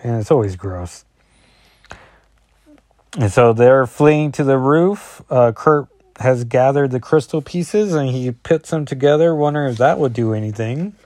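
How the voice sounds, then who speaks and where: A man's voice: mid-range voice, expressive, a little slow, dark tone, no echo, studio quality. A man in his forties, casually recapping a comic book in a rambling way with asides. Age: 40s.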